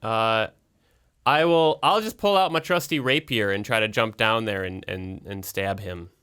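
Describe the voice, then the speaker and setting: A man's voice: fairly low pitch, a little slow, a bit bright, smooth. A man playing a tabletop game with friends, chatty and thinking aloud about his moves. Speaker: player. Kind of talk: casual tabletop game chat.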